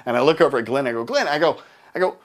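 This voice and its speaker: A man leads a live seminar in the middle of his range, talking fast and with energy. He tells his stories with humor and acts out what other people said, his voice jumping up when he plays them. He sounds like a trainer speaking to a room full of people. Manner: animated storyteller acting out dialogue in higher voices.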